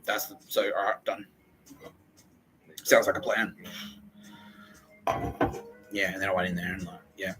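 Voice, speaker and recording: A man's voice: low-pitched, flat delivery, unhurried, pauses often, over music, low-quality recording. A man hosting a comedy podcast, rambling through a jokey monologue and swearing heavily. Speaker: podcast host.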